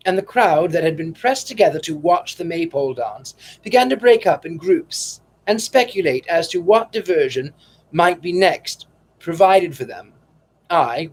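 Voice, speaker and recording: A man narrating a classic novel with measured, dramatic storytelling. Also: fairly high pitch, expressive. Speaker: audiobook narrator.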